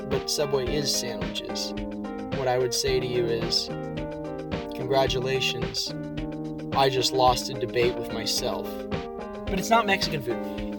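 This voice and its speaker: A man reviewing food from his car at a drive-thru, rambling in a self-mocking, jokey way. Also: medium pitch. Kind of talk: comedic vlog monologue.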